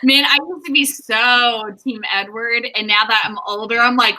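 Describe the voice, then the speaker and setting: A woman with an intensely bright, sharp tone and a fairly high voice, talking on a video call. She is chatty and playful. She slips into teasing asides. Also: steady tone, normal speed, low-quality recording. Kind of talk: casual chat.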